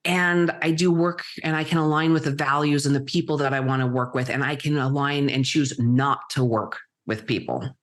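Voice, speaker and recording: A middle-aged woman, a guest entrepreneur, telling her story in vivid present tense with dramatic pauses. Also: rumbling low, steady tone. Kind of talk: storytelling interview answer.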